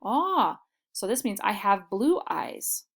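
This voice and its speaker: A woman's voice: medium pitch, very animated. Patient woman teaching Spanish vocabulary. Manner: slow, clear model phrases in Spanish; patient, explaining. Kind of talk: vocabulary lesson.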